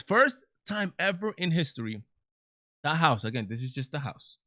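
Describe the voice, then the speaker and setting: A man's voice: a little high, very animated, moderate pace, sharp tone, no echo, clean studio sound. A man hosting his own live commentary stream, talking emphatically with many repeats and restarts. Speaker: show host.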